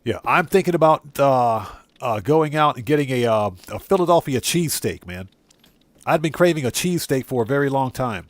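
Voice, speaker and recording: A man's voice: mid-range voice, moderate pace, no room sound. Chatty male game streamer, dry close sound. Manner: chatty and excitable, greeting viewers. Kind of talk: casual live-stream chat. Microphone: streaming setup microphone.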